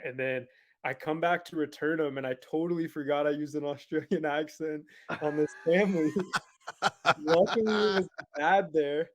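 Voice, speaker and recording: Chill young dude telling a story on a call, kinda higher voice, laughs a lot. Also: male voice, normal speed, a little hiss or hum. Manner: laid-back, laughing, swears casually. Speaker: podcast guest. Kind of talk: casual storytelling.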